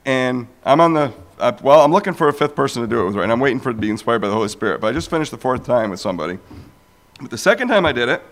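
A man preaching a storytelling sermon, animated and acting out dialogues as he goes. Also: mid-range voice, very fast.

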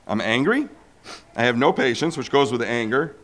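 A man preaching a storytelling sermon, animated and acting out dialogues as he goes. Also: medium pitch, normal speed.

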